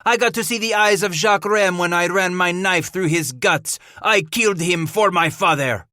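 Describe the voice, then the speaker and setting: A man's voice: sits high, moderate pace, pushed and bright, no room sound, studio quality, pitched above the performer's own voice. A man voicing a cornered, murderous trapper who screams and gloats. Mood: frantic, gloating. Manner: screaming, wild mocking laughter. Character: cowering murderous male trapper, frantic.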